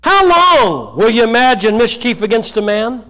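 A middle-aged man preaches as pastor to his congregation. His voice sits very high for a man. He swings between loud, rousing calls to the room and softer, slower passages as he reads scripture. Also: big pitch swings. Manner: preaching with sudden shouts and quieter scripture reading. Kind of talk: sermon. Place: church.

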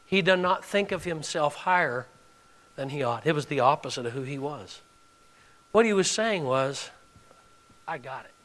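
A man preaches to his congregation in a high, ringing voice. He leans into phrases for emphasis and keeps firing direct questions at his listeners. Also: expressive, moderate pace, fairly bright tone. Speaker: pastor. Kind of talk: sermon.

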